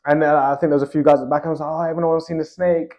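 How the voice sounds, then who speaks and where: A man's voice: on the high side, flat delivery, rapid-fire, lo-fi sound. A young Australian man telling a rambling story in casual chat, dotting his talk with "like" and "bro".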